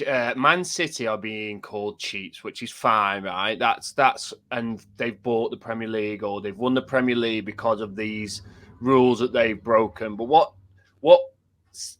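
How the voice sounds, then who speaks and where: A man on a football podcast, calm and measured, explaining a point step by step. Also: medium pitch. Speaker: podcast co-host. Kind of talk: casual football chat.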